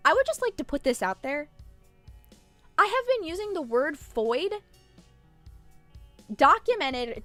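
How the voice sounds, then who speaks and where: Woman streamer, casual chat, irreverent, bright voice, faint music behind. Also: sits high. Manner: rambling, irreverent, swears freely.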